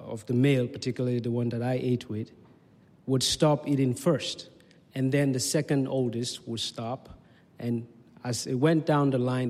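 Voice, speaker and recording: A man from Leone, telling stories in a talk in measured, unhurried short phrases. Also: medium pitch, darkish tone. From Sierra Leone. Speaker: speaker. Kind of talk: storytelling talk. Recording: long hall reverb.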